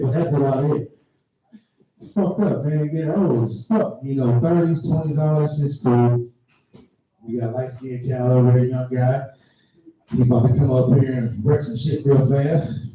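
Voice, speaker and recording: A middle-aged man tells profane stand-up stories with a mellow, darker tone that sits a little high in pitch. He is heard from some distance off the mic, in a hugely echoing room. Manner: profane, animated storytelling. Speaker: stand-up comedian. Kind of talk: stand-up comedy set. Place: live comedy venue. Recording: very echoey live room, mic far off.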